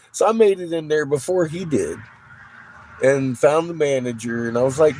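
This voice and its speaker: A man's voice: a little high, brisk, a little hiss or hum, low-quality recording. A man vlogger casually telling a story, swearing freely and laughing often as he acts out what others said. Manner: profane, laughs often, animated retelling.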